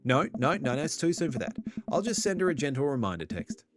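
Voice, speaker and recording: A man's voice: fairly high pitch, sing-song, quick pace. A man streaming a dating game, reading its narration aloud with wry, joking asides. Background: game music.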